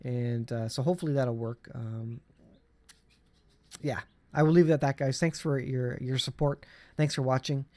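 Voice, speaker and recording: A man's voice: mid-range voice, steady tone, normal speed, pauses often, darkish tone. A middle-aged man hosting his own channel, talking earnestly about faith and the end times with many fillers and restarts. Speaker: channel host. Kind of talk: casual religious commentary vlog.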